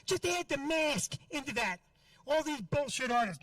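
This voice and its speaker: A man doing a stand-up comedy set outdoors, loud and ranting, shouting his punchlines. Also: very high voice, expressive, moderate pace, no echo, recorded from a distance, low-quality recording. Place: outdoor parking lot show.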